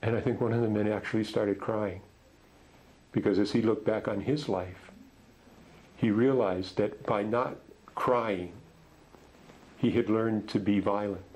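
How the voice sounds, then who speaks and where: Slow, gentle man telling a story. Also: lowish voice, steady tone, poor audio. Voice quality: gentle, halting, with many restarts. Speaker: men's group facilitator. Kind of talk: storytelling talk.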